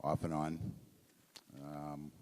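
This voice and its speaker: A man introducing himself and his wife at a community meeting, halting with fillers. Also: a bass voice, completely flat delivery, mellow. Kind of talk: self-introduction. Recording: echoey hall, distant mic.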